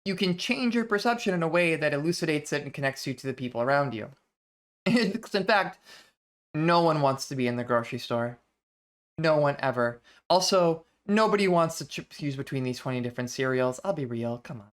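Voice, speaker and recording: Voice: medium pitch, lively intonation, fairly quick. An adult vtuber hosting a book reading series, talking through ideas in a thoughtful, conversational way with frequent restarts. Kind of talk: casual reflective lecture stream.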